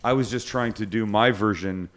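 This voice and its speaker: Middle-aged male host, lower voice, casual storyteller. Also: moderate pace, fairly bright tone. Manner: chatty storyteller, self-deprecating. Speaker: cooking show host. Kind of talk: casual chat.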